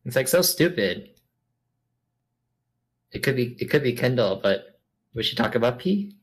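A man's voice: medium pitch, lively intonation, measured pace, husky. A man co-hosting a casual podcast, joking and laughing often. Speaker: podcast co-host. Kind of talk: casual chat.

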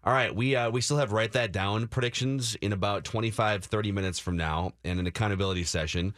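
A man's voice: on the low side, a little fast, a bit bright, no room sound. A male sports radio host talking in an upbeat, chatty way.

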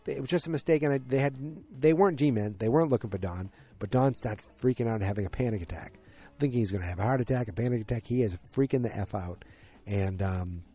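A man's voice: medium pitch, fast talker, mellow, breathy edge. A man casually recapping a TV episode, rambling with many fillers and restarts, and speeding up at the tense parts. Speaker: TV show recapper.

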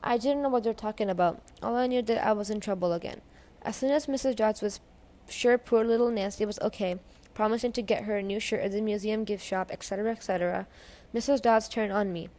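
A woman reading a novel aloud at a middle pitch. She narrates steadily, chapter by chapter, and gives the characters light voices as they speak. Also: quick pace, warm tone. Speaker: reader. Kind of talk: audiobook-style reading of a novel.

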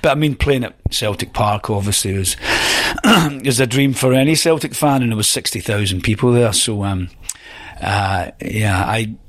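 A Scottish man with a fairly low voice recounts stories as a podcast guest. He rambles and hesitates, filling gaps with ums and uhs. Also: moderate pace. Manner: rambling, hesitant, many fillers. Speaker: guest, actor. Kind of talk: podcast interview, anecdote telling.

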